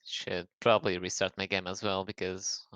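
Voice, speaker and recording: Guy co-casting a game stream, lowish voice, dry close sound, teasing and giggly. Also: flat delivery, moderate pace, a bit bright, clear, resonant tone, no echo, low-quality recording. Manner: teasing, giggly, laid-back. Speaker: co-caster. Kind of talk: casual live game commentary.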